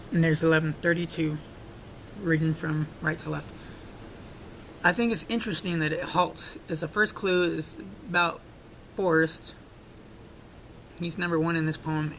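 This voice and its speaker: Musing man with a flat delivery. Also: poor audio. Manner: musing, thinking aloud with fillers and restarts. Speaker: puzzle-solving video creator. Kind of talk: casual on-screen analysis. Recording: faint rumbling background noise.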